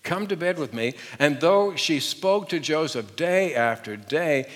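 A male pastor preaching a sermon, retelling a story with animated, humorous storytelling and direct questions to the congregation. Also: on the high side, in a large hall.

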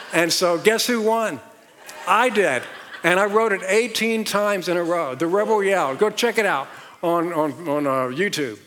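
A middle-aged man with a Southern American accent preaching a sermon as pastor, telling stories and asking the audience questions. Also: a little high. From Southern United States. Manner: animated storytelling with rhetorical questions and audience call-and-response. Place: large church auditorium on stage. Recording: long hall reverb.

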